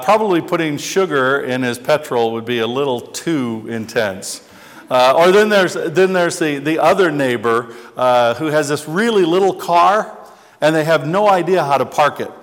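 A man's voice: a little high, expressive, moderate pace. A male pastor giving a chatty, humorous sermon, telling stories about himself with frequent restarts. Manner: chatty, self-deprecating storyteller with many restarts. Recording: long hall reverb.

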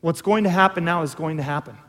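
Male preacher, high register, casual teaching sermon with big dynamic swings, recorded in a reverberant hall. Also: quick pace. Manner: conversational, swings from hushed to emphatic.

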